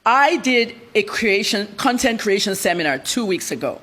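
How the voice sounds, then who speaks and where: A woman's voice: mid-range voice, big pitch swings, normal speed, a bit bright. Blunt, emphatic woman journalist. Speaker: journalist guest. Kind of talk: TV news interview answers.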